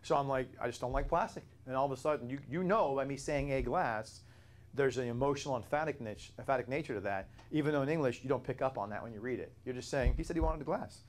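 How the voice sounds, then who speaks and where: A man's voice: medium pitch, fast, hardly any pauses. A man teaching a Bible study class, explaining points at length and answering questions from the room.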